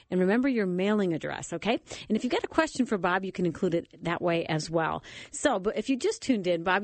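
A woman's voice: medium pitch, no echo. A woman hosting a faith radio interview, asking long questions in a conversational way. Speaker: radio host.

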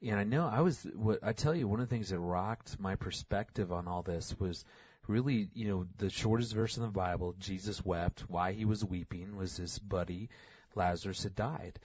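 A middle-aged man talking casually about fatherhood, animated, acting out quoted lines in a raised voice. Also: deep voice, moderate pace, husky, dull audio. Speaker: podcast co-host, father. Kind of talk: casual conversational storytelling.

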